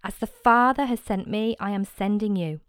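Gentle patient man teacher, read by a woman, slow and tender, dry close sound. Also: mid-range voice, clear, resonant tone, no room sound, lightly acted. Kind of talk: dramatized scripture reading.

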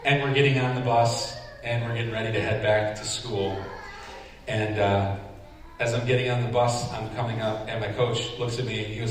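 A man preaching a sermon, telling a story with animated, self-deprecating humor and acting out his reactions. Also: mid-range voice, moderate pace. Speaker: pastor. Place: large church sanctuary. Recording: echoey hall, distant mic, faint noise.

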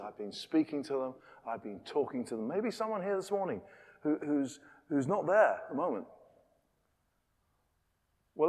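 A man preaching in a lively, conversational way, throwing out rhetorical questions to his congregation. His mid-pitched voice carries into the long reverb of a large church. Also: slight background noise. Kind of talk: sermon.

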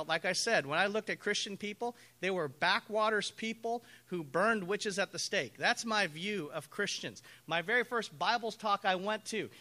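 A man preaching a sermon as pastor, telling stories with animated acted-out quotes. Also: high-pitched. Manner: animated storytelling, acts out quoted voices.

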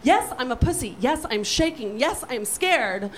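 A woman telling a profane, animated comic story on stage, brash and lively. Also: high-pitched, a little slow, background noise. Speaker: storyteller guest.

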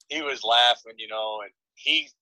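A man on a podcast as a guest, telling a story in a casual, animated way and often laughing. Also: mid-range voice, a little slow, no echo, rough recording.

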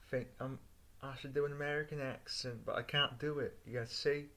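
A man's voice: medium pitch, fairly even intonation, normal speed, fairly bright tone. Goofy young man. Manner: goofy, self-mocking. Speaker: comedy creator. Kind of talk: comic monologue.

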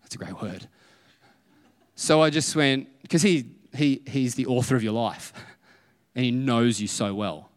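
Pastor preaching in a reverberant church. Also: male voice, mid-range voice, a little slow, long pauses. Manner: conversational storytelling preacher, acts out dialogue. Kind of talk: sermon. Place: church auditorium. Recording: long hall reverb.

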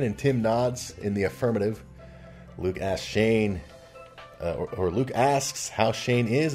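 A man's voice: lowish voice, a little mellow. A middle-aged man casually recapping a TV episode, chatty and laughing often, with asides, faint music behind. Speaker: podcast host recapping a TV show.

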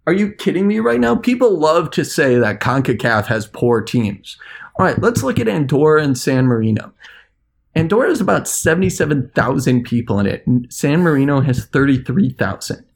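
Brief: sarcastic male podcast correspondent, gravelly voice, animated delivery. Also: a little high, moderate pace. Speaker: international correspondent. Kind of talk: podcast chat.

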